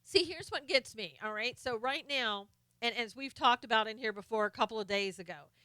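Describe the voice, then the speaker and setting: Female stream host, fervent political commentary; bright, crisp voice, dry close sound. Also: on the high side, no echo. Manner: impassioned, greets viewers by name.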